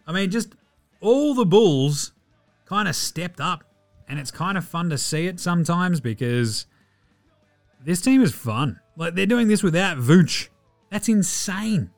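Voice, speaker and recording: An Australian man hosting a podcast, giving a fast, casual sports recap, excitable and swearing freely with jokey asides. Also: high-pitched, dry recording, faint music behind. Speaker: podcast host.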